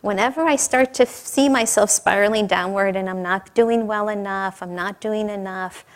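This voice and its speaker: At medium pitch and a moderate pace, a spiritual teacher shares stories in her sermon. Her warm, conversational style includes light laughter and questions to those listening.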